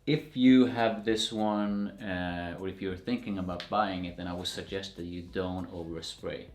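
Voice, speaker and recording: A man chatting casually while rating fragrances, opinionated but relaxed, with frequent fillers and restarts. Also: low-pitched, moderate pace, roomy sound. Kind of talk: casual chat.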